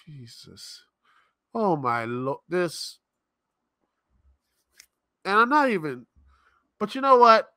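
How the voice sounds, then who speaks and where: A man's voice: high-pitched, very animated, slow pace, long pauses, sharp tone, smooth, no echo, studio quality. A man hosting a live-stream show, ranting in an exasperated, rambling, sarcastic way. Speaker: podcast host. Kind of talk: live-stream commentary rant.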